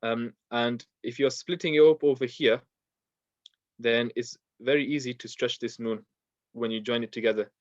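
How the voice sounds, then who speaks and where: A man teaching a Quran pronunciation lesson, patiently explaining mistakes and repeating words slowly for practice. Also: medium pitch, fairly even intonation, no room sound. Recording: dull, dry lo-fi sound.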